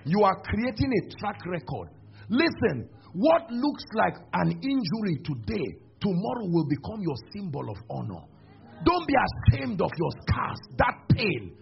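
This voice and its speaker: A man's voice: high voice, measured pace, gravelly. A man preaching a sermon at a church service, acting out dialogues as he goes. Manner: animated, acts out dialogues. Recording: dull lo-fi recording with music behind.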